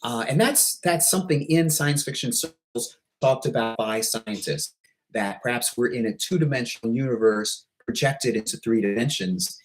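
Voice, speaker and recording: A man talking in a casual vlog monologue, hesitant and halting, with many pauses, restarts and self-deprecating asides. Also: medium pitch, rough recording. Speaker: YouTuber.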